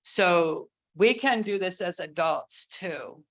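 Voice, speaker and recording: A woman giving a keynote talk on religious education, earnest and deliberate, stretching words for emphasis. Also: fairly low pitch, a bit bright. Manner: earnest, slow, with drawn-out emphasis; sings and acts out cries while teaching. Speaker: keynote speaker.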